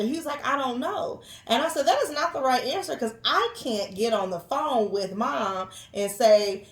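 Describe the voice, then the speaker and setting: A woman telling her side of a story in casual chat, lively and chiming in with emphatic quotes. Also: high voice, a little slow, hardly any pauses. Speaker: co-host. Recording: echoey room.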